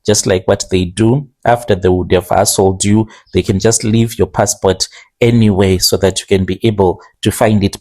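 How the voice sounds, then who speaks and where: A man telling a strange first-person confession in a plain, steady way, slowing down now and then on careful phrases. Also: fairly low pitch. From Zimbabwe. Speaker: confession storyteller.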